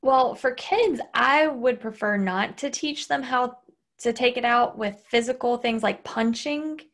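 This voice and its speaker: A woman's voice: on the high side, a little slow, fairly bright tone. A woman hosting a podcast, talking casually and animatedly with her husband, swearing freely and acting out angry outbursts. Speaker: podcast host. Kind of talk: casual conversation.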